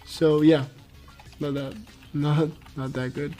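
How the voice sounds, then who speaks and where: A man from France, French his first language, calls a live card game match in English. His voice sits fairly high for a man, and he rambles and restarts in a loose, chatty way. Faint music plays underneath. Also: flat delivery, slow, mellow. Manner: chatty, laughs easily, many fillers and restarts. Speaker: esports caster. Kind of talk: casual live game commentary.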